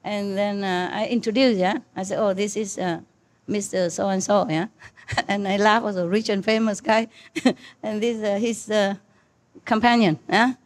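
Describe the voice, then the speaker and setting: A woman's voice: mid-range voice, steady tone, unhurried. An older woman telling a personal story to disciples in casual chat over a meal, laughing often and speaking with many fillers. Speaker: spiritual teacher. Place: meal gathering with listeners.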